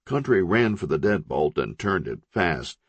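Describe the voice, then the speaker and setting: A man narrating a crime novel audiobook with expressive, dramatic storytelling. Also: sits low, measured pace, no echo.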